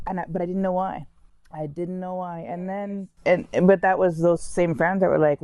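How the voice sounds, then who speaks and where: A woman's voice: fairly low pitch, steady tone, fairly quick, mellow, no echo, muffled recording. A woman candidly telling her own life story in a conversational way, full of restarts and "like". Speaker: interviewee sharing her story. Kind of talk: personal storytelling.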